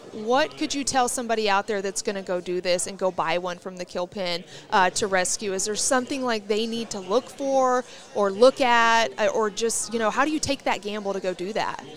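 Chatty woman hosting a podcast. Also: mid-range voice. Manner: chatty, storytelling, enthusiastic. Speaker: podcast host. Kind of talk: casual interview chat. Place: rodeo arena event.

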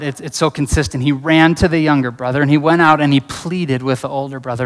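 A man preaching a sermon in an earnest, conversational way, weaving in personal stories. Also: medium pitch. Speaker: pastor. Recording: reverberant hall.

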